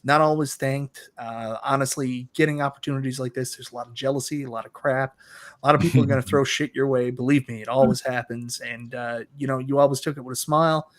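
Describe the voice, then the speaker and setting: A man's voice: medium pitch, steady tone, fast. A man hosting a casual interview show, easygoing, chatty and appreciative toward his guest. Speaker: host.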